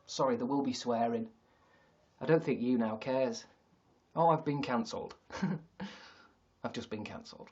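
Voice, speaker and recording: A man with a Yorkshire accent hosts a laid-back livestream from his sister's attic, rambling, self-mocking, and swearing a bit. His mid-range voice is a little mellow and moves at normal speed with frequent pauses; the recording lacks highs.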